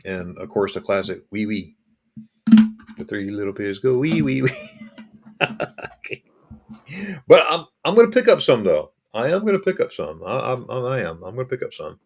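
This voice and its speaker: Deep gravelly man chatting casually. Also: sing-song, normal speed, long pauses, soft background music. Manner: rambling, repeats words and restarts. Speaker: vlog host. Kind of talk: casual live-stream chat.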